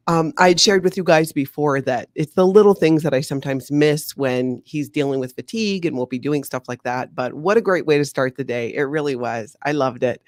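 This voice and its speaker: A woman hosting a casual livestream, chatty and animated, laughing often. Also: deep voice, brisk, hardly any pauses, no echo, studio quality. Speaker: livestream host.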